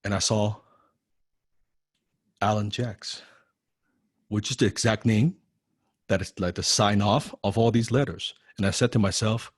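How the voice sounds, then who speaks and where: Animated, swearing male course teacher. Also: on the low side, normal speed, breathy edge, no echo, clean studio sound. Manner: animated and profane, repeats words when excited; frequent rhetorical "right?". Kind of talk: personal story told in a lecture.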